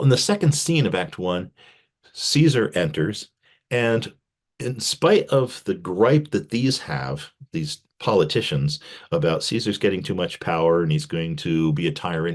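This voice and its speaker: A male professor giving a casual literature lecture, animated, with wry joking asides. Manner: animated, pitch jumping on emphasis.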